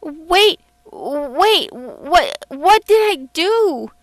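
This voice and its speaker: A woman's voice: high-pitched, very animated, very slow, no room sound, studio quality, voice pushed up, exaggerated voice. Woman doing a frightened, stammering young boy. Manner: stammering, quivering.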